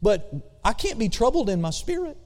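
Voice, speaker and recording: Here the pastor's voice sits very high, sing-song and a little mellow as he preaches. Key words are drawn out slowly, and he calls on the congregation to answer back. The sanctuary adds a long, echoing reverb.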